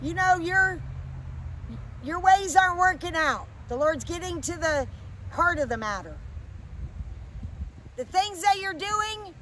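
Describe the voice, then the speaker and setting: A woman's voice: extremely high pitch, expressive, slow, pauses often, bright, forceful tone, poor audio. A woman minister preaching and praying in an urgent, pleading, emotional way, recorded outdoors. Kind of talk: impassioned preaching and prayer. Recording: outdoor traffic noise behind voice.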